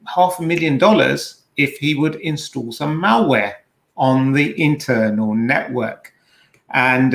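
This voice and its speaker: A man co-hosting a casual podcast, telling a story in a rambling, animated way with many restarts. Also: mid-range voice, reverberant. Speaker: podcast co-host. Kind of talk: casual security podcast chat.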